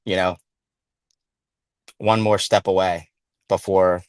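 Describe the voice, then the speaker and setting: A man's voice: deep voice, flat delivery, slow, no room sound. A stressed man calling in to a podcast, talking casually in long, loose sentences full of fillers. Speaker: caller.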